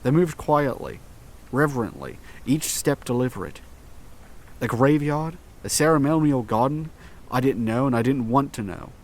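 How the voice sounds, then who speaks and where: A man narrates a first-person horror story in a mid-pitched voice. His reading is slow and tense, with dramatic pauses between phrases. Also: animated.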